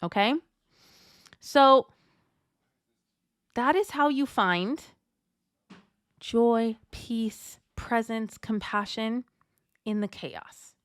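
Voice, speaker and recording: In a fairly high, clean voice, a woman life coach who seems to be in her thirties speaks extremely slowly and pauses often. Her motivational talk to mothers is direct and encouraging, addressing the listener as a friend, in a studio-quality recording without room sound.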